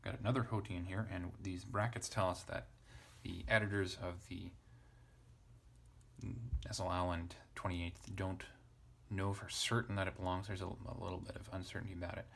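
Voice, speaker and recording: A man's voice: sits low, flat delivery, normal speed, creaky, fairly bright tone. A man teaching a casual lesson, thinking aloud as he spells out letters and parses a text. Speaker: Greek teacher.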